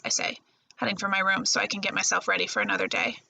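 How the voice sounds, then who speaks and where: A woman librarian reads a first-person novel chapter aloud, keeping a steady storytelling flow. Her voice has a gravelly texture with a bright, forward edge. Faint noise sits under the reading. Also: medium pitch, fast, rough recording. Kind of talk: audiobook-style novel reading.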